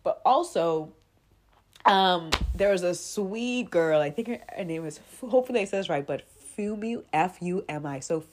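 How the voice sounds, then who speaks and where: A woman hosting a faith podcast, talking straight to her listeners, earnest and emotional, close to tears, sometimes rising loud and sometimes dropping to a whisper. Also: on the low side, lively intonation, moderate pace. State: tearful. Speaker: podcast host.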